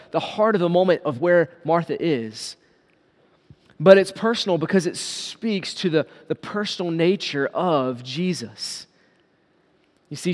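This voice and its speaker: Male pastor, high voice, emphatic sermon delivery, reverberant hall sound. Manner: earnest, emphatic preaching with repeated phrases.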